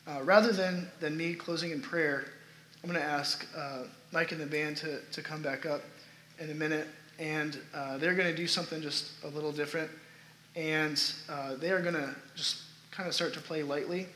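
A man's voice: on the high side, fairly even intonation, normal speed, bright, forceful tone, slight background noise. A man preaching a sermon to his congregation in a church sanctuary, talking earnestly and building emphasis. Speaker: pastor. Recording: roomy echoey sanctuary sound.

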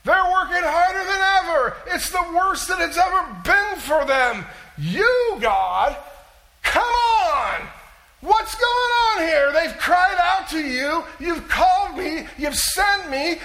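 A worked-up male prophet, as a preacher puts him on, calls out to God in a strained, much higher voice. He pleads and often breaks into shouting. The tone stays frustrated throughout. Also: expressive, takes it slowly, reverberant, exaggerated voice, low-quality recording. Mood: exasperated. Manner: loud, pleading, shouting at times.

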